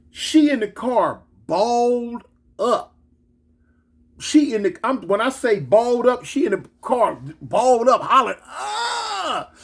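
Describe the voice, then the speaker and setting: Animated Los man telling a story. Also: high-pitched. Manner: animated, slangy, switches into excited quoted voices. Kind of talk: casual storytelling.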